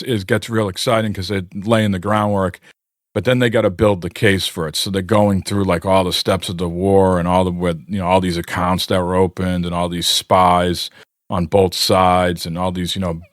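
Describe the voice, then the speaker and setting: A man's voice: low-pitched, no echo, studio quality. Rambling man telling stories on a podcast. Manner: rambling storyteller, many fillers. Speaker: podcast co-host. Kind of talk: casual chat.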